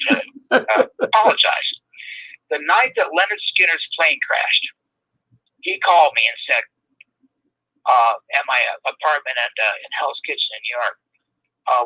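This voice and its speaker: Lively bright-voiced older man. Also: on the high side, no echo, low-quality recording. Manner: animated anecdotal storytelling with laughs. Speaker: radio host. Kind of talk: storytelling interview chat.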